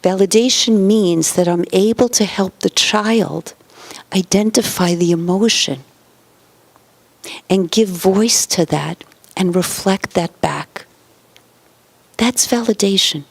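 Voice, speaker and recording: A woman giving a parenting lecture in numbered points, acting out quoted parents and children and often dropping to a soft whisper. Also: mid-range voice, slow, creaky, long pauses, no echo. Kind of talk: motivational lecture.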